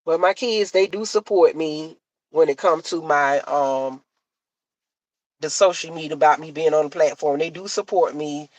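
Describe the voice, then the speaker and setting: A woman's voice: low-pitched, moderate pace, dry recording. A middle-aged woman chatting casually to her live-stream viewers, repeating herself and laughing easily. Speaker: live-stream content creator.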